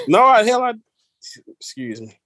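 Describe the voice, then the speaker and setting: A man's voice: high-pitched, very animated, normal speed, a bit bright, dry recording. A man co-hosting a casual comedy podcast, joking around and laughing often. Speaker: podcast co-host, host's adult son.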